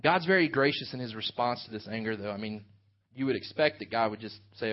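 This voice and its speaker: A man's voice: mid-range voice, expressive, fast. A man preaching an earnest sermon, working through a scripture passage for his congregation. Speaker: pastor. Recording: dull lo-fi sound.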